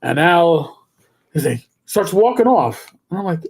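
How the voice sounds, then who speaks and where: A man hosting a livestream in casual chat, telling stories in halting bursts with frequent restarts. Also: fairly high pitch, very animated, slightly rough. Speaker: livestream host.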